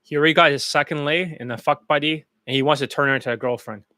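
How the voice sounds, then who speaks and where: A man's voice: fairly high pitch, steady tone, fast talker, bright, forceful tone, no room sound, studio quality. A man coaching students in dating, talking bluntly and profanely over testimonial clips in a loose, rambling way.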